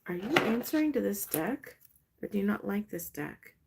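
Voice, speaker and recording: A woman's voice: medium pitch, very animated, moderate pace, vocal fry, heavy background noise. A woman hosting a casual live stream, chatty and gushing as she pulls cards for a viewer. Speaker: live stream host doing card readings.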